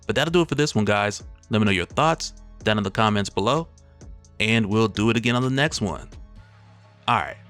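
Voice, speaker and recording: A man hosting a casual comic book story recap, telling it in a laid-back, slangy and lively way. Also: fairly low pitch, fairly quick, smooth, soft background music.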